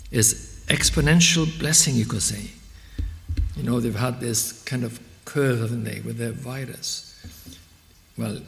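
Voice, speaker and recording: Earnest gravelly preacher in a reverberant church. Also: male voice, medium pitch. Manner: earnest, measured, exhorting. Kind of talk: evening sermon and closing prayer. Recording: long reverb from a church hall.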